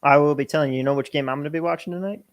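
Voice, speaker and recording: A man from New Jersey with a New Jersey accent, co-hosting a casual livestream and telling stories in a joking, animated way. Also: a little high, racing. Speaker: co-host.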